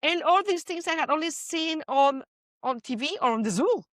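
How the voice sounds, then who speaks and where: A woman from Spain with a Spanish accent, hosting a podcast and telling stories in an animated, playful way. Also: sits high, moderate pace, dry recording, studio quality. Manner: animated storyteller, playful asides. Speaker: podcast host. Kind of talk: casual chat.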